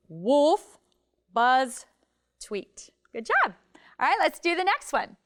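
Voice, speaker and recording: A woman's voice: high voice, a bit bright, clear, resonant tone. A woman teaching a children's music and movement lesson, upbeat and demonstrating motions as she talks.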